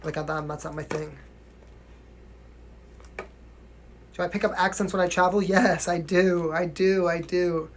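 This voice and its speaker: A man's voice: sits high, steady tone, takes it slowly, long pauses, slight background noise. Chatty young man, mild New York accent. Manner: chatty, frequent "you know what I mean", laughs often. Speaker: singer answering viewer questions. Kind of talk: casual livestream chat.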